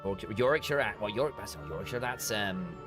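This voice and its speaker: A man's voice: lowish voice, normal speed, over music. A man streaming a game, commenting casually and a little tired, thinking aloud and restarting his sentences. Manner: self-critical, thinking aloud, stumbling restarts.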